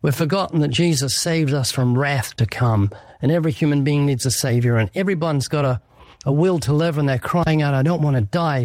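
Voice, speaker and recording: A man's voice: mid-range voice, darkish tone, no echo, clean studio sound. A man speaking as an evangelist guest in an interview, earnest and emphatic, acting out short quoted exchanges. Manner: earnest, emphatic, illustrates with little acted quotes. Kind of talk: preaching interview answer.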